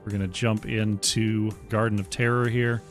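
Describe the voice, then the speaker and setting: A man casting an esports match play-by-play in a measured way, with his voice often dropping quietly at the ends of his phrases. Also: on the low side, little pitch movement, faint music behind. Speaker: esports caster.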